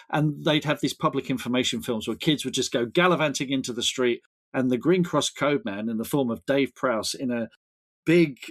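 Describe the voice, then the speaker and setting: Male podcast guest, enthusiastic, rambling, fond of restarts. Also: mid-range voice. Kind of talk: casual chat.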